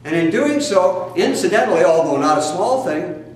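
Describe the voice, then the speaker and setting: A man's voice: sits high, lively intonation, normal speed. A man from Iowa gives a spiritual talk in an emphatic, folksy way, with mocking asides. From Iowa, USA. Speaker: spiritual teacher. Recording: very echoey room, heard from a distance.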